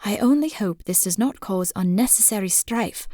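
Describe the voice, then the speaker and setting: A proper older butler, voiced by a woman narrator in an audiobook, every word carefully measured and polite, softer than the narration, on a dry close mic. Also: medium pitch, lively intonation, dry recording, lightly acted. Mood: deferential. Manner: measured, deferential.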